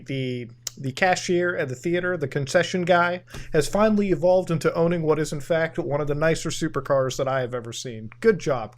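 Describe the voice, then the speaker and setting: A man giving casual reaction commentary on a video, sarcastic and laughing often, with some swearing. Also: fairly high pitch.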